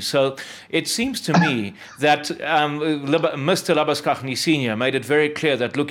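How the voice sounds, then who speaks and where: A man's voice: a little high, steady tone, normal speed, hardly any pauses, fairly bright tone. A man interviewing a guest, speaking in a friendly, hesitant way with frequent repeated words. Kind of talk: interview conversation.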